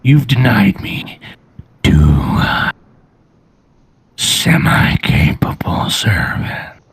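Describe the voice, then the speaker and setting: A man voicing a menacing armored male brute in a slow, deep, gravelly whisper. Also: very animated, a bit bright, full character voice. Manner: slow, cold and measured.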